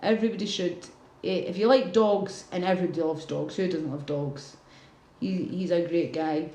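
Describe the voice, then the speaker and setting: A woman's voice: on the low side, moderate pace, dark tone, roomy sound, rough recording. Rambling Glaswegian woman on a livestream. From Scotland. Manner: rambling, chatty, answers viewer comments. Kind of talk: casual livestream chat.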